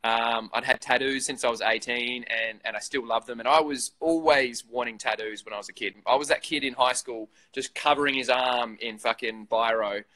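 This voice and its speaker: A man's voice: medium pitch, fairly even intonation, normal speed, few pauses, sharp tone, rough recording. A man in his thirties with an Australian accent, chatting casually as an interview guest, swearing freely and laughing often. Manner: profane, laid-back, laughs often. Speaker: interview guest, vape reviewer. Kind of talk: casual chat.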